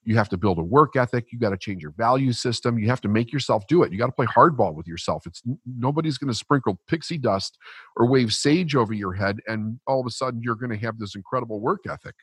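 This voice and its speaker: Man, husky voice, dry close mic, blunt profane storyteller, podcast guest. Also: mid-range voice, lively intonation, fast talker, a bit bright, dry recording. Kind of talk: storytelling in conversation.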